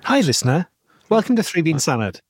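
A man's voice: a little high, big pitch swings, fairly quick, breathy edge, dry recording, clean studio sound. A man co-hosting a comedy podcast who talks in a playful, giggly way. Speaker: podcast co-host. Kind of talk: casual comedic chat.

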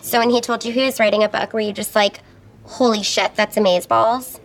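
A woman's voice: a little high, fairly even intonation, brisk, natural voice. A woman playing a guarded young female writer in a comedy film scene, curt and skeptical.

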